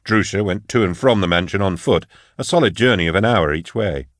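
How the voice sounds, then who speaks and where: Low-voiced guy narrating an audiobook, steady measured read, dry close mic. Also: no echo.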